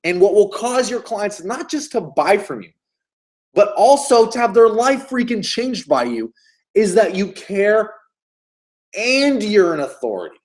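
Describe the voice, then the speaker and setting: A man's voice: high-pitched, sing-song, unhurried. A man giving a motivational sales coaching talk, emphatic and hyped, repeating key phrases and swearing freely. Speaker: business coach.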